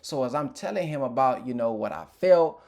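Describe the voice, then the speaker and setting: A man speaking openly about his own past in a loose, unscripted way. He is reflective and emotional, circling back and restarting his sentences as he talks to his audience. His voice sits at an ordinary middle pitch. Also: lively intonation, fairly quick, gravelly, a little mellow. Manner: candid, informal, with frequent restarts. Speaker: motivational speaker. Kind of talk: personal testimony talk.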